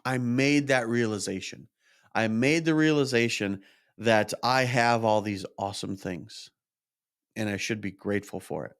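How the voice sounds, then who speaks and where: A man's voice: fairly low pitch, measured pace. A man, a podcast host, telling a personal story in a candid, self-reflective monologue, openly frustrated and swearing at times.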